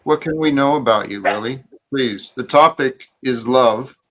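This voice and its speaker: A man's voice: medium pitch, measured pace, fairly bright tone, a little hiss or hum. A man hosting a casual spiritual livestream chat, speaking in a reflective, earnest way. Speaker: livestream host.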